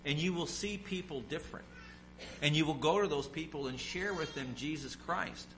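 Bright-voiced male preacher. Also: fairly high pitch, moderate pace, soft background music, low-quality recording. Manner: preaching, acting out quoted voices, asking the congregation questions. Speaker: pastor. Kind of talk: sermon.

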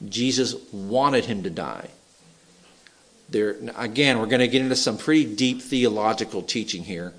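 A man preaching a sermon in an animated, humorous way, acting out Bible figures as he tells the stories. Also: medium pitch. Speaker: pastor.

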